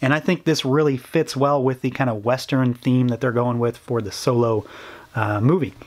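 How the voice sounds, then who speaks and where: A man's voice: medium pitch, steady tone, normal speed. A man hosting a casual toy review, talking enthusiastically with frequent fillers. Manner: enthusiastic, chatty, lots of fillers.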